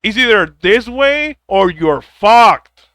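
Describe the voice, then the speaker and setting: A vlogger rants bluntly in a monologue, giving harsh life advice laced with profanity and stumbling over repeated words. His high voice is lively, slow and fairly bright with no echo, and he mocks others in put-on whiny quotes.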